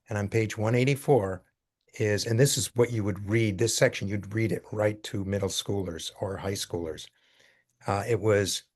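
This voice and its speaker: Older man, low voice, earnest storyteller. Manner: earnest, halting with many fillers. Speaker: speaker taking questions. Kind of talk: casual storytelling talk.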